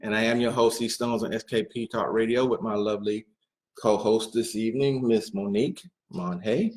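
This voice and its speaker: A man hosting talk radio at an ordinary middle pitch, chatting through announcements and topics in a loose, unscripted way. He leans on "um" and "uh" as he goes. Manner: loose and unscripted, with frequent "um" and "uh" fillers.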